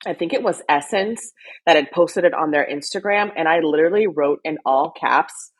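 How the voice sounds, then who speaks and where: A young woman co-hosting a casual fashion chat, excitable and animated, squealing when she gets excited. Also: low voice, normal speed, husky. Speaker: co-host.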